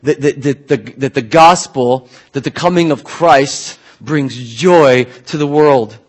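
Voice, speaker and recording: A man preaching a sermon in a casual, animated way, often restarting his sentences. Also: medium pitch, takes it slowly. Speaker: pastor.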